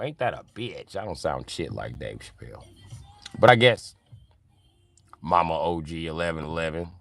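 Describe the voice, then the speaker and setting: A man streaming live and reading chat aloud, in loose, animated, profane banter with frequent laughter. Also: deep voice, moderate pace, pauses often.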